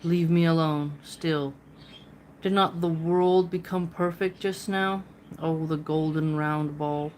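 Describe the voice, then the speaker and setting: A woman reading the words of an old male sage who muses aloud to himself, with slow, measured delivery. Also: low voice, steady tone, a little mellow, a little hiss or hum. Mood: musing.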